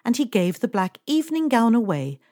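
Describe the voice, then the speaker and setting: A woman's voice: fairly high pitch, big pitch swings, brisk, warm tone, no echo, studio quality, pitched above the performer's own voice. A woman reading aloud, voicing a languid, fussy wealthy middle-aged lady who complains and gives orders to her employee. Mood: languid, complaining. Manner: languid and complaining, a little imperious.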